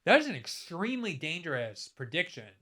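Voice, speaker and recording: A man's voice: fairly high pitch, very animated, brisk, sharp tone. A man in his fifties delivering a commentary monologue, emphatic and building his case through pointed rhetorical questions. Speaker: political commentator.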